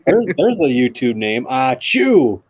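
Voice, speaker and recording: A man's voice: medium pitch, very animated, a little slow, a little hiss or hum. Joking man chatting on a live stream. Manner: laughs often, joking. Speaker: car YouTuber on a live stream. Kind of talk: casual chat.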